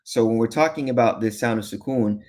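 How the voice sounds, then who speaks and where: A man teaching a beginner lesson, patient, repeating each sound slowly and checking in with "okay?" often. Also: medium pitch, a little mellow. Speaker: Arabic teacher.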